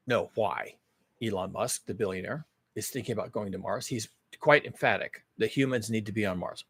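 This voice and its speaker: A man's voice: lowish voice, a bit bright, breathy edge, no room sound. A man hosting his own channel, talking through big questions in a rambling, emphatic monologue full of rhetorical questions. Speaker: host. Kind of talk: casual monologue.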